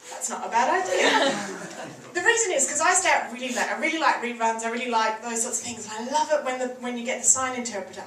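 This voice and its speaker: A woman's voice: high-pitched, a bit bright. A woman performing a stand-up comedy set on a theatre stage, chatty and giggling through her lines. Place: theatre stage before a live audience. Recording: echoey, distant live recording with noise.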